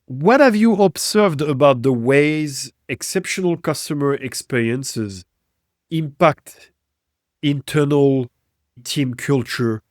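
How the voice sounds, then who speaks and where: A man's voice: on the high side, slow, no room sound, clean studio sound. Reflective male podcast host. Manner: reflective, asks thoughtful questions. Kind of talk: interview podcast.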